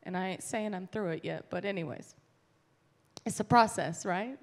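A woman's voice: mid-range voice, moderate pace. A woman speaking candidly from the pulpit during a sermon, earnest and plainspoken. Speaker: pastor's wife.

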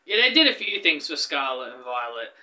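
An eager man chatting through gaming news on his channel, tripping over his words and starting sentences again. His voice sits high and rings very bright and sharp. He sounds like he can barely contain his excitement. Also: fairly quick. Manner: excitable and rambling, with frequent restarts. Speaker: gaming YouTuber. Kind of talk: casual gaming news vlog.

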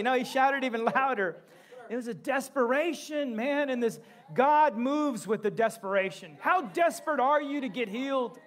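A male pastor preaching a sermon in a church, impassioned, breaking into shouts and joking asides. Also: very high voice, normal speed. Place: church sanctuary.

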